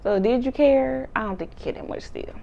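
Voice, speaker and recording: A woman casually recapping a reality TV episode, animated, acting out quotes and laughing often. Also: high-pitched, brisk, creaky, dull audio.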